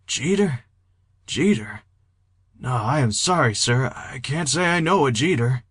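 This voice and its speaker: A man's voice: fairly high pitch, lively intonation, normal speed, bright, forceful tone, dry recording, studio quality, voice pushed up. A man voicing a confused, politely formal character with old-fashioned speech. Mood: bewildered.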